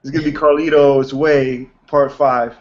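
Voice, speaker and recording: A man's voice: mid-range voice, flat delivery, measured pace, dull audio. A man hosting a casual online chat, speaking in a laid-back, slangy way and chiming in over a video call. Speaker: host, interviewer.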